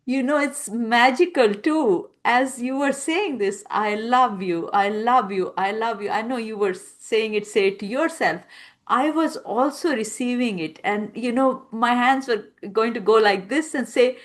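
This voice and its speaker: A woman hosting a podcast interview, speaking in a calm, affirming way with soft spiritual phrasing. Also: a little high, unhurried. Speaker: podcast host. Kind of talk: slow, gentle interview talk.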